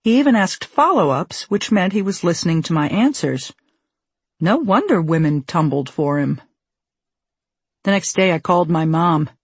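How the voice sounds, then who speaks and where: A woman narrating her own memoir as an audiobook, with a wry, measured delivery on a close microphone. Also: lowish voice, expressive, breathy edge, no echo.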